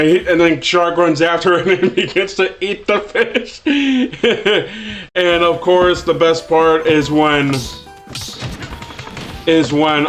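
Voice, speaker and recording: A man streaming a video game, talking haltingly with many fillers and shouting out at the game now and then. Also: fairly high pitch. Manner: bursts into excited shouts at the game. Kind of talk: livestream gameplay chat. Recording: game music playing loudly behind. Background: game music.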